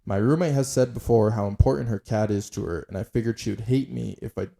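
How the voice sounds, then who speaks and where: A man's voice: on the low side, fast, creaky, warm tone, a little hiss or hum. A young man co-hosting a casual podcast, reading posts aloud in a laid-back way and laughing often. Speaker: podcast co-host.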